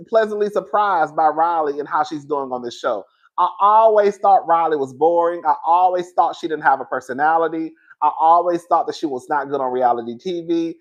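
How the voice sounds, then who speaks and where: Animated man dishing on reality TV. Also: a little high. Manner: animated, dramatic storytelling with emphatic repetition; swears freely and addresses listeners as "girl". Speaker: reality TV commentator. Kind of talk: casual gossip commentary.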